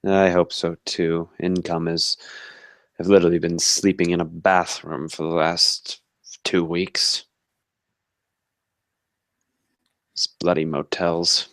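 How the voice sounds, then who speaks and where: A well-mannered male vampire speaks with formal courtesy and an unhurried pace, played by a man at the gaming table. His voice sits very low, and the sound is close and dry with no room around it. The tone stays measured and composed. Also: flat delivery, fairly bright tone, dry recording. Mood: wry. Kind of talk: tabletop role-play in character.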